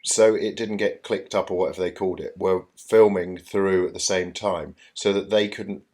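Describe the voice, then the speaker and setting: A middle-aged man, co-hosting a podcast in casual chat and often clearing his throat. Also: low-pitched, steady tone, normal speed, a little mellow. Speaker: podcast co-host.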